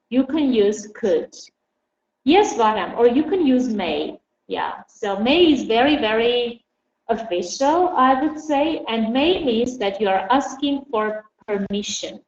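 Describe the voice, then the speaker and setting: A woman teaching a class online, explaining slowly and patiently and putting questions to her students. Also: on the high side, a little mellow. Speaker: English teacher. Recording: dull echoey room with faint hum.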